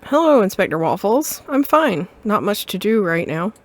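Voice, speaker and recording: A woman voicing a friendly, excitable young male dog sidekick in a video game. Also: medium pitch, moderate pace. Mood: eager. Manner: bubbly and excitable.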